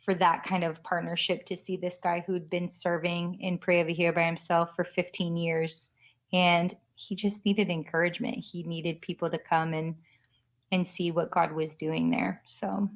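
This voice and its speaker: A woman's voice: fairly low pitch, flat delivery, moderate pace. A woman missionary guest in a casual interview, speaking matter-of-factly and plainly correcting the host. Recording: dull lo-fi audio.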